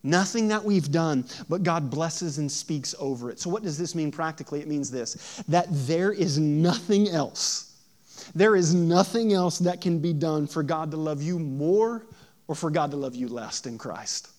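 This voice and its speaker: A man preaching a sermon. He moves from hushed storytelling to loud, emphatic preaching and asks the audience questions. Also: on the high side, unhurried. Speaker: pastor.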